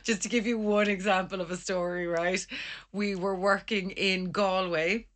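Bright-voiced Irish woman telling stories. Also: mid-range voice, moderate pace. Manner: lively storyteller who acts out voices. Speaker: podcast co-host and archaeologist. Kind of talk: casual chat.

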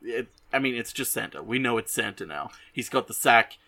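A young man hosts a show and recaps a movie in a casual, animated way. His voice sits at a middle pitch and sounds bright and forceful. He stumbles over restarts and swears freely as he tells the story. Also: fairly quick. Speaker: host.

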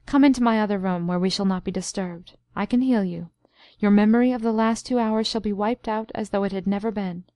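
A woman reading a calm, smooth-talking doctor. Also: mid-range voice, brisk, no echo, studio quality, close to an everyday voice. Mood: reassuring. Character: calm, reassuring male doctor, quietly scheming.

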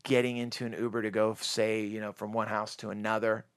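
A man's voice: fairly low pitch, brisk. A middle-aged man hosting a casual parenting podcast, telling stories with jokey asides. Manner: animated storyteller, jokey asides. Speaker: podcast host.

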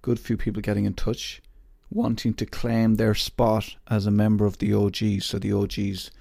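A man's voice: lowish voice, monotone, moderate pace, creaky, mellow, no echo, studio quality. A man hosting his podcast in a rambling, self-mocking casual chat. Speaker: podcast host.

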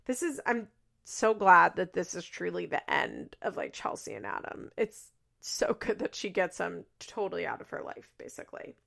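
A woman's voice: lowish voice, sing-song, moderate pace, vocal fry, fairly bright tone. A woman hosting a podcast, recapping a reality show in casual chat. She talks in a chatty way, fills her sentences with "like" and laughs often.

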